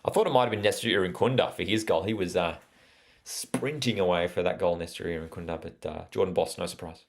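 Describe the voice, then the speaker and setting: Young Australian male host, casual live match commentary, lowish pitch, chatty with fillers. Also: fast talker. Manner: chatty, reads out live chat, frequent fillers. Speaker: watchalong host.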